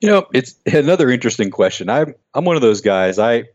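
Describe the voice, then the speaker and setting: A man, a racing-world guest on a podcast, telling a personal story in an earnest, reflective way with halting restarts. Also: medium pitch, big pitch swings, darkish tone, dry recording, highs cut off.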